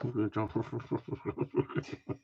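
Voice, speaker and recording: A man's voice: medium pitch, fairly even intonation, very slow, slightly rough. A man hosting a live Q&A, bantering and teasing his viewers in a rambling, joking way. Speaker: host of a live gundog Q&A stream. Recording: dull lo-fi livestream audio.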